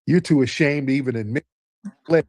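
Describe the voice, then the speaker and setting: A man hosting a live call-in show, talking in a middle-pitched voice with a combative, mocking edge. He keeps throwing "sir" at the caller and slides into long, lecturing stretches. The recording is close and dry, with no room sound. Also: fairly quick, darkish tone, no room sound. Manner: lectures at length in a storytelling way. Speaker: host.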